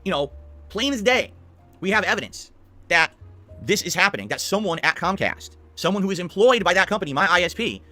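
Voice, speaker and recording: A man's voice: high-pitched, sing-song, brisk, bright, forceful tone, faint music behind. A man streamer ranting to his camera, insistent and repetitive.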